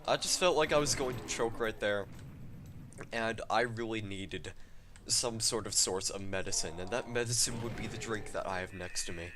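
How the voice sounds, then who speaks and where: A young man giving playful commentary over a shooter game, swinging between excited outbursts and mock-calm asides. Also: lowish voice, normal speed, a little hiss or hum. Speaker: gaming commentator. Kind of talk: casual let's-play commentary. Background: game music.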